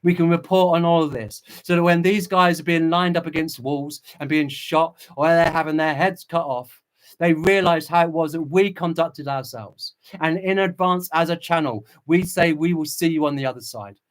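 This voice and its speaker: Man hosting a livestream, fervent and preachy between chat readings, pitched a touch high. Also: steady tone, normal speed. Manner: impassioned and preachy, with restarts. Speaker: channel host.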